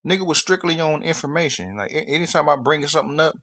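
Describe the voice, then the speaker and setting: A man co-hosting a casual livestream chat, joking in animated banter. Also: a little high, quick pace, dry recording.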